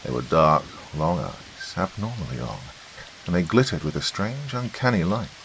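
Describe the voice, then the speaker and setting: A man reading a sci-fi horror story aloud as podcast host, with measured, expressive narration. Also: deep voice, vocal fry, slight background noise, poor audio.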